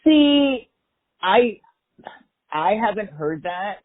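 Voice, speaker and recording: A man's voice: sits high, sing-song, extremely slow. A man from the US West Coast, a podcast guest in casual chat, agreeable and reflective, heard over a tinny phone-like line.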